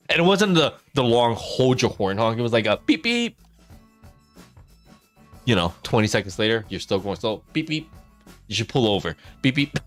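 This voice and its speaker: A man's voice: on the low side, a bit bright. A man telling a funny story to his stream while gaming, laughing often as he talks.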